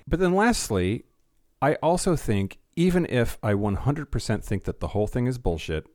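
A man's voice: mid-range voice, big pitch swings, moderate pace, a little mellow, no echo, studio quality. A man co-hosting a podcast in casual chat, rambling and restarting his sentences, with wry jokes. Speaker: podcast co-host.

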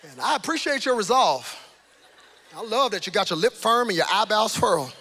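A man preaching a sermon, animated and lively, swinging between loud emphatic lines and hushed, near-whispered passages. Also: sits high, fast, long pauses.

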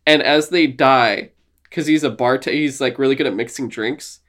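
A man's voice: medium pitch, moderate pace. Young guy gushing on a podcast, swears constantly, keeps laughing and doing goofy voices. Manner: excited, swears a lot, laughs often, acts out quotes in silly voices. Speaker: podcast co-host. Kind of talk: casual chat.

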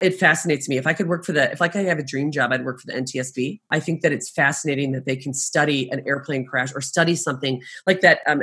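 A middle-aged woman, a travel agent, shares stories in casual conversation in a low-pitched, breathy voice. Full of energy, she laughs often as she acts out what people told her.

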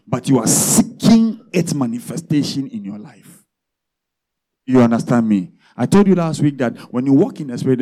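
A man's voice: mid-range voice, warm tone. A man preaching a sermon as pastor, often checking in with the congregation through rhetorical questions.

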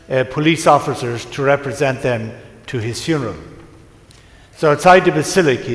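A priest preaching to his congregation, telling a story in a gentle, unhurried way with pauses. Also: medium pitch. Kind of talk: sermon. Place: large church. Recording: echoey church from a distance.

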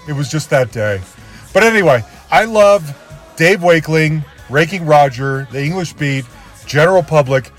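A man hosting a podcast and introducing an episode on his own, rambling and self-deprecating. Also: fairly high pitch. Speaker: podcast host.

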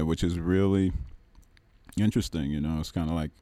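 A man speaking as a guest on a radio music show, relaxed, with frequent fillers. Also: sits low, moderate pace, dry recording, studio quality. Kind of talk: casual radio conversation. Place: radio studio.

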